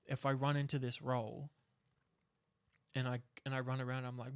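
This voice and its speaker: A man's voice: medium pitch, flat delivery, fairly quick. A young Australian man telling stories in a casual conversation, candid and swearing freely. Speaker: podcast co-host, actor.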